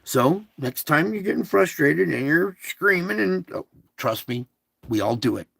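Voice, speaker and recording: Man, devotional speaker talking as God, slow and gravelly, blunt, dry close sound. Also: a little high, expressive, a bit bright, dry recording. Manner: blunt, conversational, with crude words; coaxing, asks listeners many questions. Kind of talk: devotional talk spoken in God's voice.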